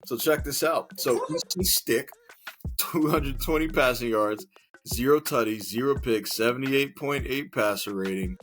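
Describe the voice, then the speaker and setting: A man's voice: mid-range voice, measured pace, a bit bright. A man co-hosting a football podcast, giving a wry casual recap with scores and stats. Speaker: podcast co-host.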